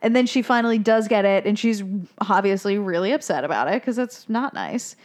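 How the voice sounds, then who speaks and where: A woman's voice: mid-range voice, animated, brisk. A woman co-hosting a podcast, recapping a film in casual chat, with many ums and little acted-out quotes. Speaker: podcast co-host.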